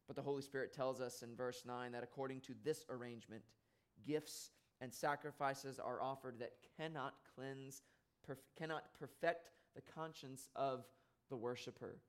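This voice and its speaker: A man preaching a sermon in an earnest way, rising louder on key points and dropping soft on sad ones. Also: mid-range voice, fairly even intonation, moderate pace, clean tone.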